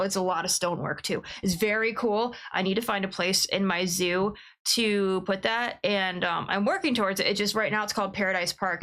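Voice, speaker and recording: A young woman streaming a game, chatting in a rambling, excitable way and laughing often. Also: mid-range voice. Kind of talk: casual livestream chat.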